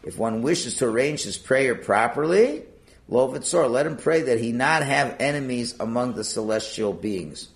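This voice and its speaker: A Talmud teacher with a gravelly, medium-pitched voice leads a class at a moderate pace, his intonation swinging up and down. Going through the text line by line, he fires off rhetorical questions and answers them himself.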